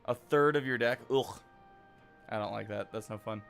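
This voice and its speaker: A man's voice: medium pitch, normal speed, vocal fry, a bit bright, faint music behind. Chatty, joking male streamer. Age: adult. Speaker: game streamer. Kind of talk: casual gaming chat.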